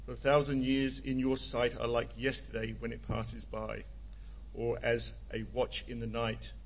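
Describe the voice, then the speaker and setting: A man in his seventies reading scripture aloud, halting and apologetic. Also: mid-range voice, monotone, creaky, rough recording. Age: 70s. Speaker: scripture reader.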